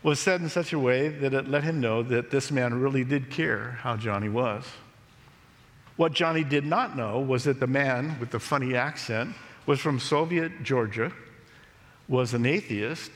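A pastor preaching a sermon, telling a story in a slow, measured way. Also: male voice, medium pitch, fairly bright tone. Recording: long reverb of a large hall.

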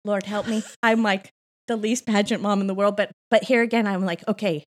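A woman's voice: mid-range voice, steady tone, fairly quick. A middle-aged woman, a co-pastor, telling a family story in a casual interview, laughing often and acting out the voices she quotes. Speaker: co-pastor and podcast guest. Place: Austin church setting. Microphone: microphone on her.

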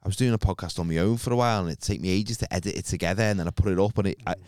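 Northern English man, co-host, lower voice, thinks out loud, dry close mic. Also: racing, dry recording. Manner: thoughtful, reasoning things through. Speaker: podcast co-host. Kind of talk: casual banter.

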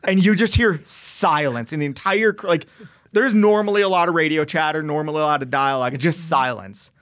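A man's voice: fairly high pitch, a little fast. A young man telling a story in a casual interview, acting out bits of radio talk as he goes. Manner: animated storyteller who acts out radio dialogue. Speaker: guest, veteran entrepreneur.

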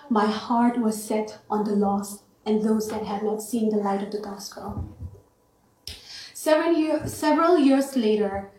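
A woman's voice: on the high side, warm tone, slight background noise. Echoey Indian woman sharing her testimony. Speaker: guest speaker. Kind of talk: church testimony. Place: church sanctuary. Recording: echoey church hall.

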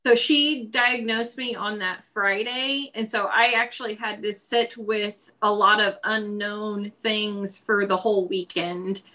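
A woman speaks in a casual interview, recounting her experience in a bright, clear tone. She laughs often between her sentences. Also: medium pitch, fairly even intonation, measured pace, hardly any pauses. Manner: laughs often while telling her story. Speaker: guest.

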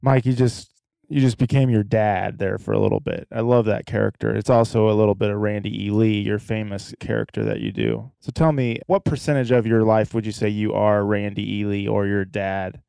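A male host leads a casual, joking podcast conversation with his guests. His voice is mellow and smooth at a middle pitch. It is recorded dry and close. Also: flat delivery, a little fast, no room sound. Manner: joking, questioning. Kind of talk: casual chat.

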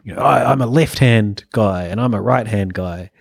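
A man's voice: lowish voice, moderate pace, gravelly, no room sound, clean studio sound. A man co-hosting a casual chat podcast, rambling, correcting himself and laughing often. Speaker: podcast co-host.

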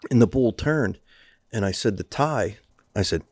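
A man who owns a rodeo arena, telling a lively story in casual podcast chat and acting out what people said. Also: on the low side, measured pace, slightly rough, dry recording, studio quality. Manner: animated storyteller acting out quotes.

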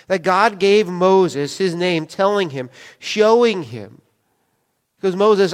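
A man's voice: high-pitched, expressive, unhurried, smooth. A man preaching a sermon as pastor, in a casual, conversational way, acting out quoted dialogue as he goes. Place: church sanctuary. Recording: long church hall reverb.

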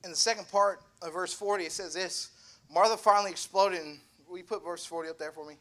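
A young man giving a sermon, humorous and animated, acting out little voices in his asides. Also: sits high, fast. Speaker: preacher.

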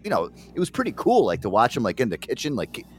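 A man spins a rambling, profane story on a casual podcast. His pitch rises and falls freely as he talks. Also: wildly swooping pitch, fast, slightly rough, soft background music. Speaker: podcast co-host. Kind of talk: casual comedic chat.

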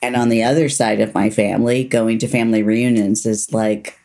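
A middle-aged woman, a neuropsychologist guest, speaking earnestly and candidly about her past. She slows down to stress her key points. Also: rumbling low, steady tone, dark tone. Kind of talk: personal storytelling in a conversation.

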